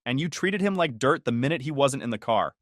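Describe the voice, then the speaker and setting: A man's voice: mid-range voice, animated, brisk, fairly bright tone, dry recording, natural voice. A blunt, firm sister read by a man, speaking plainly. The intonation moves a lot, with a dry, close sound. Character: blunt honest sister, young woman.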